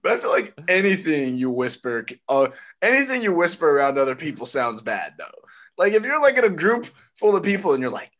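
A man's voice: on the high side, big pitch swings, fairly quick, fairly bright tone. A young man co-hosting a casual chat, laid-back and joking, laughing often. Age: young adult. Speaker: podcast co-host and stand-up comic.

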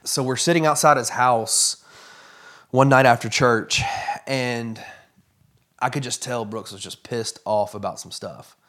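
A man telling a personal story as a guest in a conversation, earnest and halting with many fillers. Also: medium pitch, fairly even intonation, fairly bright tone.

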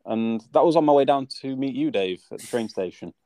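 A man's voice: medium pitch, expressive, brisk, warm tone, dry recording. A man co-hosting a casual chat, telling a grumbling story with lots of restarts. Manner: rambling, stammers, grumbling. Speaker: podcast co-host.

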